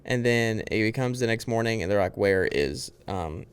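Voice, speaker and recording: A young man co-hosting a casual movie podcast, rambling through a film's plot with fillers and quick quoted lines. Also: lowish voice, lively intonation, clear, resonant tone. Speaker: podcast co-host.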